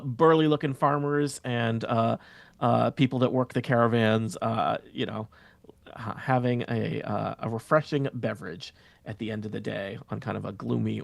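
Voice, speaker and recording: A man's voice: medium pitch, fairly even intonation, moderate pace, gravelly, no echo. A man narrating as dungeon master of a tabletop game, rambling with many filler words.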